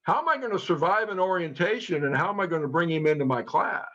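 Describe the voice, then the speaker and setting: A middle-aged man, a co-founder and trainer, earnestly tells a group a personal story, quoting people in lively tones. His voice is fairly high and his pace quick. The recording has a dull, lo-fi sound.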